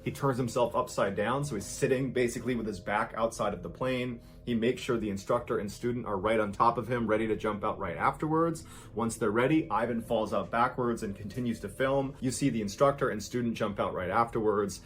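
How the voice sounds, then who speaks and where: A man's voice: medium pitch, a little fast, hardly any pauses, a bit bright, slight background noise. A man narrating true stories in a vivid, dramatic storytelling style.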